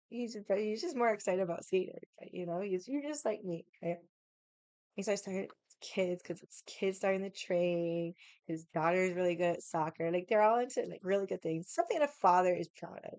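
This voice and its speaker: A woman vlogger telling a story in a casual, animated way, swearing a lot and using lots of "like" fillers. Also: medium pitch, dry recording. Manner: animated, heated retelling.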